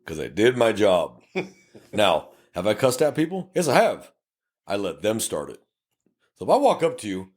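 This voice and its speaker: A middle-aged Texan man with a fairly low voice, trading cop stories on a podcast. He talks bluntly and swears freely, jumping into animated impressions of angry drivers and officers. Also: breathy edge. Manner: blunt, profane, animated, acts out both sides of traffic stops in quick voices. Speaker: podcast co-host, police officer. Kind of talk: casual storytelling chat.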